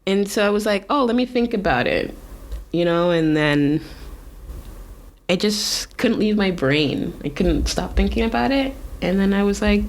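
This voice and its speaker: A woman from Canada, a tattoo artist guest, telling her story in a relaxed, casual way, full of likes and ums and acted-out quotes. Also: medium pitch, a little slow.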